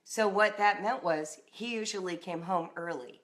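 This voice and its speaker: A middle-aged woman from Southern California tells a personal story. She talks in a slightly low voice and stays animated, acting out the voices of the people in the story. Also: moderate pace. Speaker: writing and homeschooling coach.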